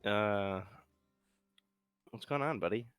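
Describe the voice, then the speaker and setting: A man playing a tabletop game, chatting casually, excitable and swearing often. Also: fairly low pitch, takes it slowly, clear, resonant tone, no echo, soft background music. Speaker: player.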